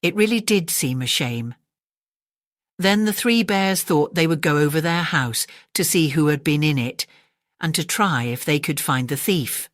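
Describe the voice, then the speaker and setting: A woman with an English accent gently narrating a bedtime story audiobook. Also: deep voice, lively intonation, no room sound, studio quality. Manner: gentle, measured.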